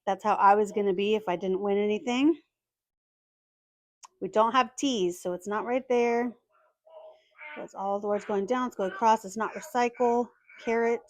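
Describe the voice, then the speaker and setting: A woman calmly narrating as she scratches lottery tickets, methodically spelling out letters one by one. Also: medium pitch, moderate pace, long pauses, no echo. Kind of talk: calm scratch-and-reveal narration.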